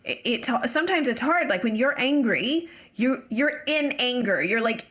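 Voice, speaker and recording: A woman's voice: a little high, lively intonation, moderate pace, a bit bright. A woman hosting a podcast who repeats tapping phrases back and then chats casually with her guest, using fillers. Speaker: podcast host. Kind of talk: casual interview chat.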